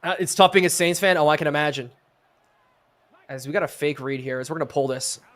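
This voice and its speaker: A man's voice: a little high, fairly quick, fairly bright tone. Man calling video football like a sportscaster. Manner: sportscaster-style play calling, chatting with viewers. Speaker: streamer and host. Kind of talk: live video game play-by-play commentary.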